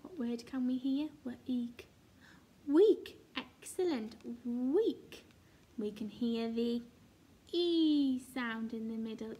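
A woman's voice: on the high side, animated, slow, warm tone, husky. A woman teacher giving a recorded phonics lesson to young children, sounding out letters and praising in a sing-song, encouraging way. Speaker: reception class teacher.

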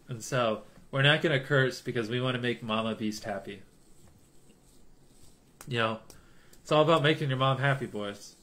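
A young man chatting loosely on a live stream, rambling and joking as he reads out donations. His voice is bright and forward, sitting in a middle range for a man. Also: medium pitch, moderate pace, pauses often. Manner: rambling, jokey, reading chat donations aloud. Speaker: livestreamer.

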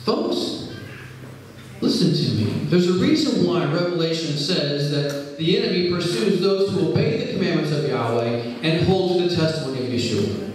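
A man's voice: fairly high pitch, lively intonation, moderate pace. A man giving an earnest, conversational sermon at a religious gathering, retelling conversations in quoted speech. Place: large hall. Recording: echoey hall, speaker far from mic.

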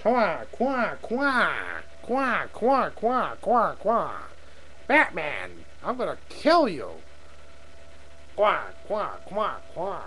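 A man's voice: high voice, wildly swooping pitch, drawn-out words, bright, forceful tone, pitched above the performer's own voice, heavily acted. A man putting on a quacking, nasal comic-book villain, recorded on a webcam microphone in a room with a faint hum. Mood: taunting. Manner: nasal quacking between taunts.

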